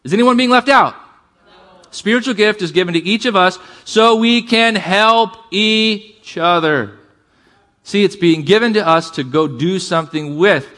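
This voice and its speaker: A man preaching a sermon to a congregation, calling for amens and shifting between fast bursts and slow, quiet emphasis. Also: high voice. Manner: energetic preaching, calls for amens, varies pace and volume. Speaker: pastor.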